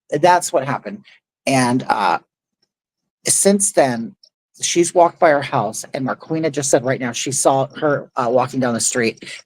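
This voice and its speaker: A woman's voice: a bass voice, darkish tone, low-quality recording. A middle-aged woman hosting a casual livestream, telling a neighborhood feud story in an indignant, rambling way and reading chat aloud. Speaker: livestream host.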